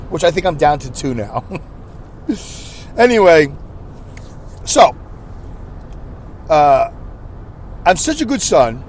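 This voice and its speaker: A man in his fifties hosts a solo podcast, rambling through an emotional, self-deprecating rant. His voice sits high, with slight background noise.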